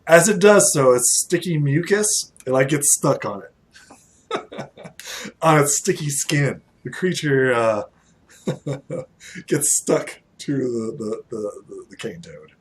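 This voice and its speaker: Slow-paced male game master who laughs a lot and talks with many fillers. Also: mid-range voice, lively intonation. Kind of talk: narrating a tabletop game.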